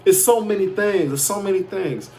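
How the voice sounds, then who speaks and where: A man's voice: high-pitched, moderate pace, warm tone, a little hiss or hum. A man from Chicago boasting and ranting in a rambling casual monologue, swearing freely. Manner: boastful, profane, defiant. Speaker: self-proclaimed prophet vlogger.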